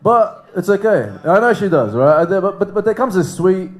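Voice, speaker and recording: A man's voice: high-pitched, big pitch swings, normal speed, darkish tone. A man from Iraq performing a stand-up comedy set on a club stage, laid-back and dropping into mumbled asides.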